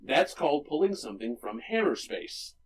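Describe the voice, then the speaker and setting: A man's voice: on the high side, husky, distant mic, poor audio. Man retelling a movie, a bit off-mic. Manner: lively retelling, breaks into quick character voices. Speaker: podcast co-host. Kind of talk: casual movie podcast chat.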